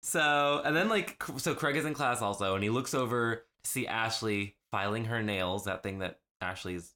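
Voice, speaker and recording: A man's voice: fairly low pitch, moderate pace, sharp tone. A man co-hosting a podcast, recapping an episode in casual chat, rambling with many fillers and acting out lines. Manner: rambling, lots of "like" fillers, acts out quotes. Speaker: podcast co-host.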